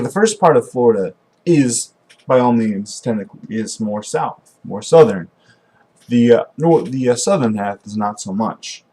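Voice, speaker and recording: A man's voice: mid-range voice, darkish tone. A young man talking casually to camera in a rambling, meandering way, often restarting his sentences. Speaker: vlogger. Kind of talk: casual vlog monologue.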